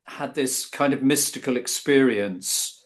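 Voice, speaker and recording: A man's voice: mid-range voice, measured pace. A man, a guest author, talking in a casual interview, hesitant and full of restarts. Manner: hesitant, many ums and restarts.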